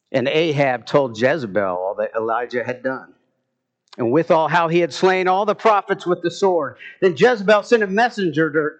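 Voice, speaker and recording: Guy preaching a sermon, kinda high voice, gets worked up and emphatic, muffled lo-fi sound. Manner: preaching with rising, emphatic bursts and quoted scripture.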